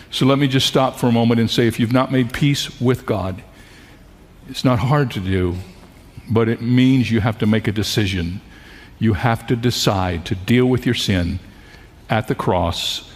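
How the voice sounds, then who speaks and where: A man preaching a sermon to a congregation, speaking earnestly, building in intensity and inviting the listeners to repeat a word with him. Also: mid-range voice. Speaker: pastor. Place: church sanctuary before a congregation. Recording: reverberant large hall.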